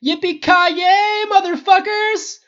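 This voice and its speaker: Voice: medium pitch, sing-song, fairly quick, pitched above the performer's own voice. A reader voicing a laid-back male archer who teases his teammates casually in a dull lo-fi recording. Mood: teasing. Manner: casual, teasing, whooping.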